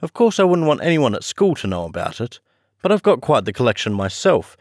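A man's voice: medium pitch, big pitch swings, fairly quick, a little mellow, no echo, studio quality, pitched above the performer's own voice, lightly acted. A man voicing a boastful, scornful rich teenage schoolboy in a storybook reading. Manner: scornful, confiding.

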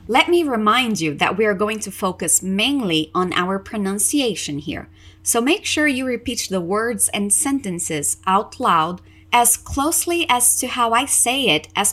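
Brief: woman host teaching English, bright and sharp voice, encouraging and explanatory. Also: mid-range voice. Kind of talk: podcast language lesson.

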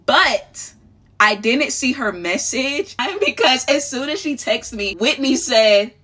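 A woman's voice: sits high, lively intonation, slow pace, sharp tone. A young woman co-hosting a radio talk show, chatting casually and questioning a caller. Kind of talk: casual chat.

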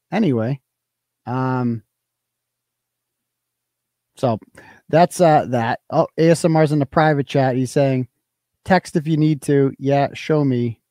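Guy ranting on his live stream, swears a lot, pitch jumps all over, dry close sound. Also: darkish tone, dry recording. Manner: combative, profane ranting. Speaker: host.

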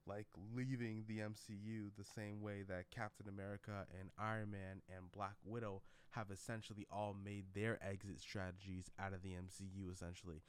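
A man's voice: lowish voice, little pitch movement, moderate pace, hardly any pauses, clear, resonant tone. A man vlogging in a casual, rambling way, with lots of fillers and restarts. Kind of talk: casual commentary vlog.

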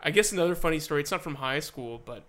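Young male co-host, brighter and slightly higher voice than most men, animated storyteller who mimics others and laughs a lot. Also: fast talker. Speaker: podcast co-host. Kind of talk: casual chat.

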